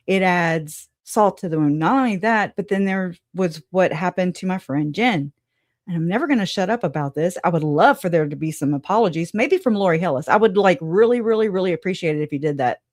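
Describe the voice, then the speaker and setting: Woman, true crime host, heated and profane, fairly low voice, dry close-mic sound. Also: expressive, a little fast, no room sound. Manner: emotional, blunt, profane, rambling with restarts. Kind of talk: heated reaction commentary.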